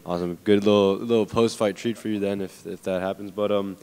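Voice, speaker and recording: Male reporter, deep voice, quick and friendly delivery, echoing press room. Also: steady tone, dark tone, smooth. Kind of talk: press questions. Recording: reverberant media room.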